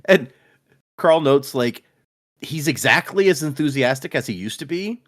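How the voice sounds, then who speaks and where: A man's voice: medium pitch, moderate pace. A man co-hosting a podcast, casually recapping book chapters and acting out characters' lines as he goes. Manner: animated retelling, acts out quotes, frequent laughs. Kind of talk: casual chat.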